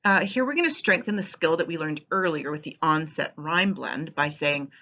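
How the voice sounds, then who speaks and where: Woman teacher, voice-over, bright and lively, expressive, slightly muffled recording. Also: deep voice, normal speed. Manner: clear, expressive teaching delivery. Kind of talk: instructional voice-over.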